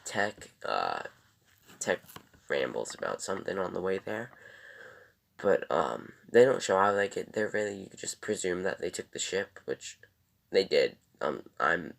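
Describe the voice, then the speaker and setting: Young male reviewer, deep and gravelly, animated delivery, loose and rambling. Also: measured pace. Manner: rambling and loose, many ums and self-corrections. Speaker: TV episode reviewer. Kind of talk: casual episode review.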